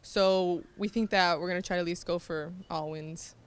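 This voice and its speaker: A woman's voice: lowish voice, steady tone, normal speed, clean tone, dry recording. A teenage girl student leader answering questions hesitantly, with frequent ums. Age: teens. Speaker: mock trial leader.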